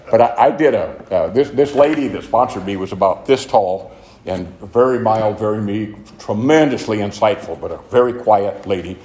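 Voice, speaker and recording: A man's voice: lowish voice, a little mellow. An older man telling his own story at a recovery meeting, earnest and rambling. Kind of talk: personal testimony talk. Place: meeting room of a club. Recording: echoey room, faint noise.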